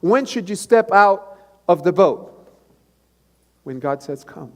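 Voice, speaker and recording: A male pastor preaching a live sermon, moving between loud emphatic bursts and quiet, low passages and repeating key phrases for emphasis. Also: animated, takes it slowly. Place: church sanctuary. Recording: live church recording with long reverb and music behind.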